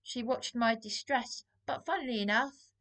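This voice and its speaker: A woman's voice: on the high side, normal speed, a bit bright. An Englishwoman, out of breath and venting in an agitated, aggrieved, rambling monologue to the camera. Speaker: vlogger.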